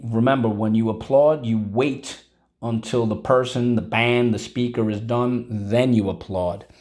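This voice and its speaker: A man's voice: lowish voice, darkish tone. A man teaching a vocabulary and phonics lesson, drilling each word aloud with repetitions and prompts to the class. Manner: drills words aloud, repeating each one.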